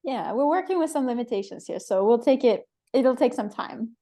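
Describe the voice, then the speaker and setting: A woman's voice: a little high, expressive, normal speed, dark tone. A woman hosting a casual chat, asking curious, playful questions. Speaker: host.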